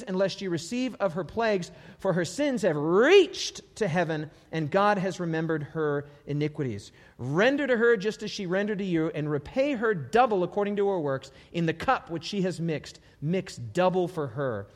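Male preacher, emphatic and dramatic, animated high delivery, long hall reverb. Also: a little fast. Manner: emphatic, dramatic scripture reading with sudden loud bursts. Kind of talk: sermon.

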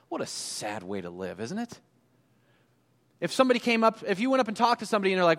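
A man preaching a sermon in a relaxed, conversational way, telling the story with animated asides. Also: sits high, fast talker, in a large hall. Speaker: pastor.

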